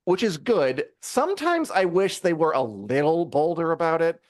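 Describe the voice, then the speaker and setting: A man co-hosting a live review show in casual chat, rambling and animated, with many fillers and acted-out quotes. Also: on the high side, moderate pace, no room sound, studio quality. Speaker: podcast co-host reviewing a TV episode.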